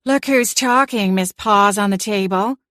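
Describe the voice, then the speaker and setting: A woman voicing a fussy, scolding aunt witch in a storybook reading, brisk and chiding. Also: fairly high pitch, fairly bright tone, no room sound, studio quality, pitched above the performer's own voice.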